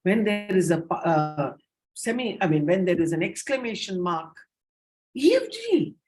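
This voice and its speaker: A woman's voice: on the low side, moderate pace. A woman with an Indian English accent leading a teacher training session, explaining how to read punctuation and demonstrating intonation aloud.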